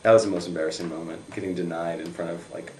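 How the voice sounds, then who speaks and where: Low-voiced young man telling stories. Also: fast, over a noisy crowd. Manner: animated, filler-heavy storytelling. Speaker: camp counselor. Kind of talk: casual storytelling interview. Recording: echoey room with faint noise.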